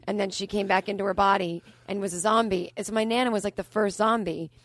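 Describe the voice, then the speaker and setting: A woman comedian guest on a podcast, telling a dark, absurd story in a deadpan, run-on way. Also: mid-range voice, quick pace, no room sound. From Boston area.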